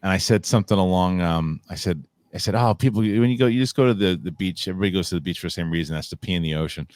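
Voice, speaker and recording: A man's voice: low voice, very fast, darkish tone, no room sound. A man hosting a podcast, telling a story casually with some swearing and laughing. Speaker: podcast host. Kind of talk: casual chat.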